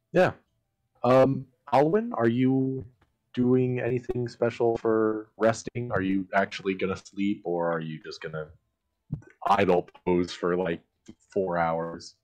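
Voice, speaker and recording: A man with a deep voice narrates a tabletop game at an unhurried pace. He hesitates often and laughs between descriptions. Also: fairly even intonation, rough recording. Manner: laughing often, slow and hesitant with many ums. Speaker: game master.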